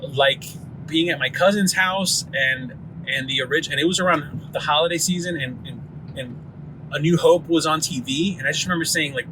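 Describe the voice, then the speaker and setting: A man in his forties hosting a casual vlog from his car, talking in an excited, rambling way with lots of fillers. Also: a little high, moderate pace, noisy background. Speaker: host.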